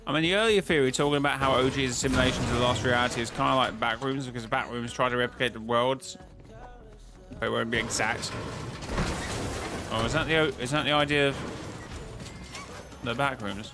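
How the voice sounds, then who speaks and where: A man streaming over background noise chats casually about game-lore theories in a medium-pitched voice, a little fast with long pauses. He rambles, keeps restarting and correcting himself, and answers his chat.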